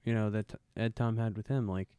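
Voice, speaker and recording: A man chats on a film discussion podcast, looping through his ideas with frequent "you know"s and restarts. His voice is smooth and clear, recorded close on a dry mic. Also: lowish voice, steady tone, fairly quick, mellow, no echo. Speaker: podcast co-host.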